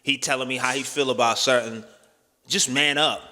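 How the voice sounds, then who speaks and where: Talking at a normal speed in a mid-range, pushed and bright voice, this young male vlogger delivers a casual, blunt opinion piece to the camera. The recording has a big-room sound, and he swears freely while repeatedly tossing in "right?" and "you know what I'm saying".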